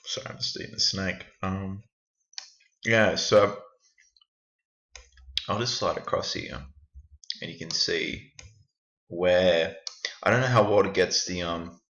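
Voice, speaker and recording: Deep-voiced man, rambling self-critical screen walkthrough, muffled lo-fi sound. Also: slow, pauses often, a bit bright. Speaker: trader reviewing his backtest results. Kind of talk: casual screen-recording walkthrough. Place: indoors at a computer. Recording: echoey room, dull lo-fi sound.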